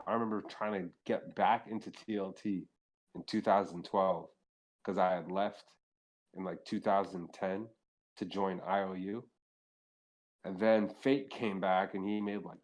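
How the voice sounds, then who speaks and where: Low-voiced man telling rambling stories. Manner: rambling, profane, heavy use of filler "like". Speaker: podcast guest. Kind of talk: casual storytelling chat.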